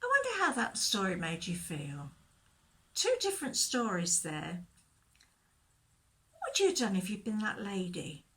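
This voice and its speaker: A woman leading a children's church talk, telling a Bible story in a gentle, expressive way and asking questions, recorded for video. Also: medium pitch, unhurried, long pauses.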